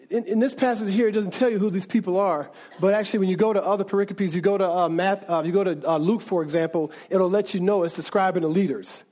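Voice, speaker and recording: High-voiced man preaching conversationally. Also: a little mellow. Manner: conversational preaching, frequent restarts and "right?" asides. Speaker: pastor. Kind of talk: sermon.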